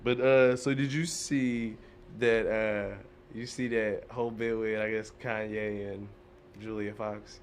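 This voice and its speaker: A man's voice: lowish voice, flat delivery, takes it slowly, slight background noise. A man co-hosting a podcast, chatting casually and looping back over his own points. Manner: rambling, restarts, repeats himself. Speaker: podcast co-host. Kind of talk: casual chat.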